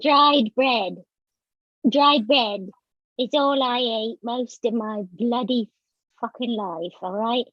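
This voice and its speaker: A woman's voice: a little high, slow, dry recording, dull audio. A woman doing a swearing British street chef. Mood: ranting. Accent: put-on British. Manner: brash, swearing, ranting. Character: foul-mouthed British homeless woman chef.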